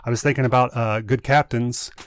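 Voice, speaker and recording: Male co-host, mid-pitched, rambling joker, dry close recording. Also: steady tone, fairly quick, dry recording. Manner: rambling, jokey, many filler words. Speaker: livestream co-host. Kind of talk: casual chat.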